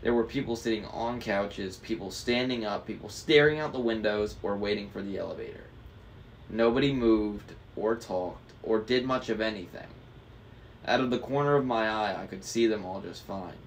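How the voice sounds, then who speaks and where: A man's voice: fairly low pitch, normal speed, a little hiss or hum. A man reading a novel aloud in a casual way, stumbling now and then over hard words. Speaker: book reader.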